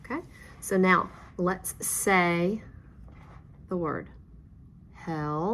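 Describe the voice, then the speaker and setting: A woman's voice: fairly low pitch, a little slow, gravelly, fairly bright tone, a little hiss or hum. A woman teaching a phonics lesson, guiding learners step by step with patient, encouraging praise.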